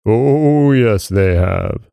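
A man voicing a stern, mocking male goblin with a deep, sneering voice in a storybook reading. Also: unhurried, creaky, warm tone, dry recording, highs cut off.

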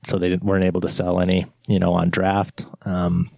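A man's voice: sits low, completely flat delivery, brisk, creaky, darkish tone, no room sound. An American man, a guest on a podcast, talking casually about local beer with many restarts and fillers.

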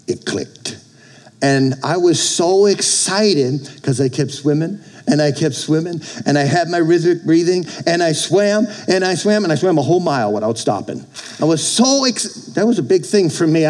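A man's voice: high-pitched, lively intonation, normal speed, a little mellow, low-quality recording. A middle-aged male pastor preaching a sermon, exhorting the congregation with frequent calls for amen. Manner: exhorting, with call-outs for amen.

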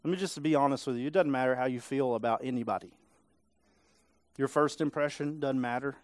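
Speaking at a fairly quick clip with medium pitch, a male pastor gives a conversational sermon in a church sanctuary. He keeps checking in with listeners through tag questions, and the audio has no echo.

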